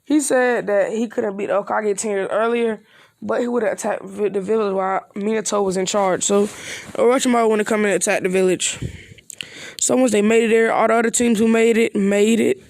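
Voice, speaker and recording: A gravelly, darkish mid-range voice moves fairly quickly with fairly even intonation, and there's no echo. The speaker is a casual fan improvising anime fan-fiction, hesitant and meandering, with slangy asides like "you know" and "bro" all over.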